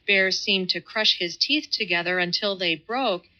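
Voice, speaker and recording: A woman reading a classic novel as an audiobook in calm, measured scripted narration. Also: medium pitch. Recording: slightly muffled audio.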